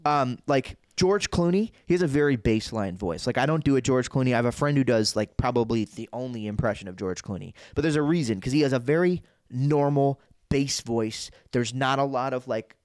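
A man's voice: medium pitch, a little fast, hardly any pauses, a little mellow, no echo, studio quality. A young man, a guest impressionist and comic, chatting casually in a podcast and talking around his points with lots of fillers. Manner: chatty, with frequent fillers and self-corrections.

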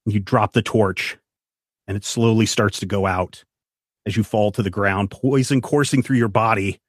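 A man's voice: on the low side, steady tone, moderate pace, dry recording, clean studio sound. A man running a tabletop role-playing game, narrating scenes and explaining rules with some restarts. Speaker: game master.

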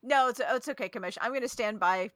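A woman co-hosting a casual podcast chat, playful and quick to laugh. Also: on the high side, dry recording, clean studio sound. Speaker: podcast co-host.

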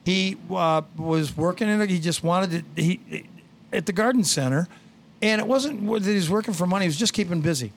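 A man's voice: sits high, a little fast, slight background noise. A man hosting a casual radio garden show, telling rambling stories with blunt asides.

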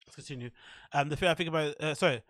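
A man with a high-pitched voice hosts a solo podcast and mocks what he reads with dry sarcasm. He keeps breaking off with hiccups. The sound is close and dry, with no room echo. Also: rapid-fire, a bit bright. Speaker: podcast host.

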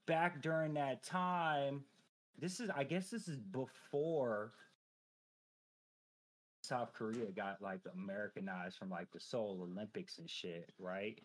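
A man in his thirties, a veteran guest on a podcast, telling a personal story in casual chat, profane and animated, full of filler phrases. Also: medium pitch, measured pace.

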